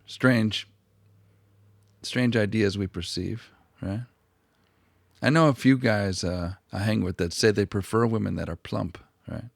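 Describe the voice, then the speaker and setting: Gravelly, crude-talking man rambling. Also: lowish voice, unhurried, dry recording, clean studio sound. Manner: crude, profane and mocking; meandering, with restarts and asides. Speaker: history channel host. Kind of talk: rambling comedic commentary.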